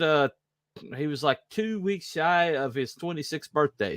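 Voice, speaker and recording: In clean studio audio with no room sound, this podcast co-host from the American South speaks at a medium pitch with a slightly bright tone. He rambles through casual chat, poking fun at himself and padding it with fillers and asides.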